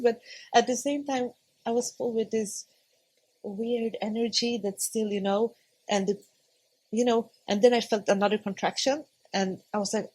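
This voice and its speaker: Speaking at normal speed, a slightly high-voiced woman in her thirties tells a personal story as a podcast guest. She's conversational, laughs often, and acts out things she used to say. The audio quality is poor.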